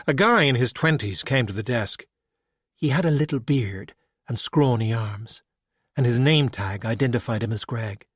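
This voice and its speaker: A man narrating an audiobook with steady, even storytelling. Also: medium pitch, normal speed, slightly rough, no echo, studio quality.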